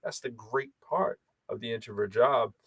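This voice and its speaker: A man co-hosting a podcast, talking in an animated, emphatic way and repeating phrases for effect. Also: medium pitch, normal speed, breathy edge, no echo. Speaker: podcast co-host. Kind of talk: casual chat.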